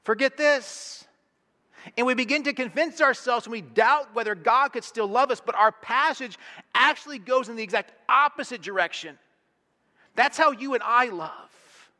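A man's voice: very high-pitched, normal speed, bright, forceful tone. A man, a pastor, preaching a sermon in a conversational way with rhetorical questions, in a church sanctuary. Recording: long reverb of a large hall.

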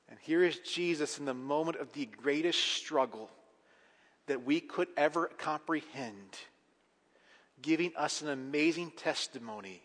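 A male pastor preaching a sermon, swinging from hushed reflection to emphatic, rising delivery. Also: a little high, moderate pace. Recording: long hall reverb.

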